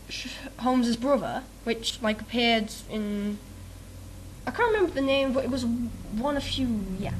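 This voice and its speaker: A giggly young woman making a video rambles through a meme questionnaire in casual chat, mocking herself and using lots of fillers. Her voice is a little high, with slight background noise.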